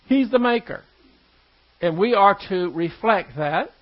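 A man's voice: sits high, animated, measured pace. A man teaching an informal Bible class in a folksy, explanatory way, often putting questions to his class. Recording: dull lo-fi classroom recording.

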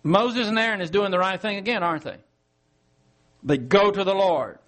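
A man with a fairly high voice preaches a verse-by-verse Bible study. He keeps it conversational, often asks his listeners rhetorical questions and chuckles as he explains the text. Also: lively intonation, moderate pace, a bit bright. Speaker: Bible teacher. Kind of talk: verse-by-verse sermon.

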